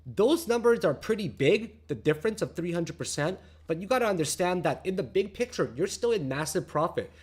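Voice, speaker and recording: A man's voice: fairly quick, hardly any pauses, slightly rough. Brash, profane man ranting about markets. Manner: brash and crude, shouting and laughing at viewers; calmer, lower explanatory tone while reading charts. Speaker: crypto trading channel host. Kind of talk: profane, excitable market commentary.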